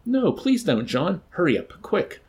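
Guy putting on a scared young woman voice, way up high, kinda husky, storybook reading. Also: wildly swooping pitch, normal speed, a little mellow, heavily acted. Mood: terrified. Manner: high pleading put-on voice. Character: frightened, coaxing young woman.

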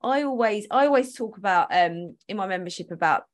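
A woman's voice: medium pitch, lively intonation, fairly quick. Chatty woman hosting a podcast; casual, laughing, loose sentences. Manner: chatty, laughs often, trails off mid-sentence. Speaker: podcast host.

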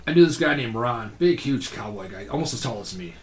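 A man, a podcast guest, telling profane bar stories in an animated, casual way. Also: mid-range voice, brisk, roomy sound. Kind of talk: casual storytelling.

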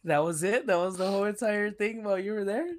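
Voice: mid-range voice, fast, no room sound. A podcast co-host in casual chat, laughing often and asking teasing questions.

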